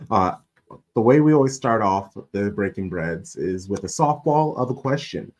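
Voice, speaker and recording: A man's voice: fairly low pitch, lively intonation, takes it slowly, darkish tone. A man hosting a casual live-stream sports chat, playful and joking, laughing often. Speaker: podcast host.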